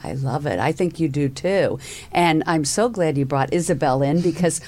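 A woman's voice: low voice, expressive, normal speed, warm tone. A woman with a Southern American accent hosting a podcast interview, effusive and upbeat, with occasional fillers. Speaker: podcast host.

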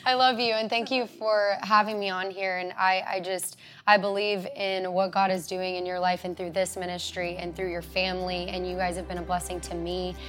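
A young adult woman, a podcast guest, speaking in a warm, encouraging way. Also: on the low side, level tone, normal speed, hardly any pauses. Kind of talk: heartfelt conversation. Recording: music playing underneath.

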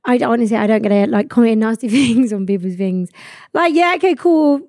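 A woman's voice: fairly high pitch, a little fast, a little mellow, dry recording. A young woman, hosting a podcast in blunt, sweary casual chat full of "like". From England. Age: 20s. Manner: blunt, sweary, laughing, lots of "like". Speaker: podcast host.

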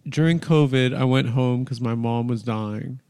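A man's voice: medium pitch, a little slow, a little mellow, in a large hall. A man hosting a podcast, chatting casually and telling rambling, crude, comedic stories. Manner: rambling, storytelling, crude humor. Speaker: podcast host.

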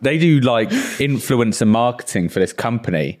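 Animated young man. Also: mid-range voice, moderate pace. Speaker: podcast co-host. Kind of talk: casual chat.

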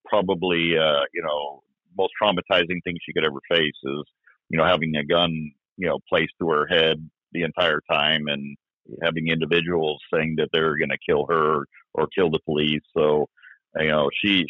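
A man, a former police officer, recounting events in an interview, halting with many fillers and restarts. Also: deep voice, no room sound. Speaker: retired police officer guest. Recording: dry, tinny phone-like line.

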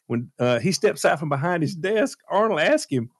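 A male radio host telling a story in a casual, animated way, with plenty of fillers. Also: fairly high pitch, moderate pace, no echo, studio quality. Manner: lively, animated retelling with fillers.

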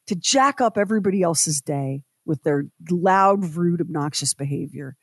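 A woman co-hosting a radio show, telling a story with lively quoted voices. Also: fairly low pitch, moderate pace, few pauses, no room sound. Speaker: co-host. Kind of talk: casual chat.

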